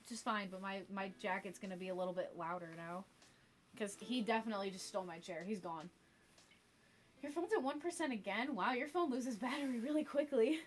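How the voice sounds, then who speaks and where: A woman's voice: mid-range voice, brisk, slight background noise. A young woman streaming from her room at home, chatting casually with viewers and her cat and laughing often. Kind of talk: casual live-stream chat.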